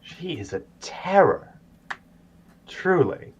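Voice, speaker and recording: A man's voice: fairly high pitch, sing-song, takes it slowly, highs cut off, slight background noise. A man voicing a dry, formal aristocratic husband in a tabletop role-play.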